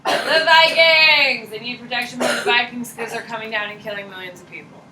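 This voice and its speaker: A woman teaching a high school history class, blunt and slangy, firing questions at her students. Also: fairly even intonation, quick pace, sharp tone, slight background noise. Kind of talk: classroom lecture. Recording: echoey classroom, mic far off.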